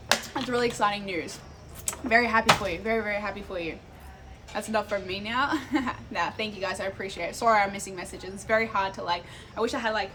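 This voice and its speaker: A woman's voice: medium pitch, background noise. A young woman, chatting casually to her live stream chat, easily sidetracked and swearing freely, talking into a phone held out. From Australia. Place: outdoors in an Italian town, walking.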